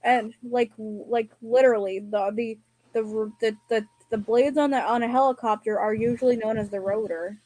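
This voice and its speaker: A woman chatting casually in a monotone voice, stumbling through many restarts. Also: a little high. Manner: halting, stuttering restarts. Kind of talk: casual chat.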